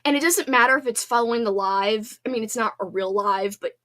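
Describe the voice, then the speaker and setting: A woman's voice: on the high side, fairly quick, a bit bright. A woman in her thirties hosting a casual livestream, chatting in a bubbly, talkative way with lots of fillers. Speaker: livestream host reading chat. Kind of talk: casual chat.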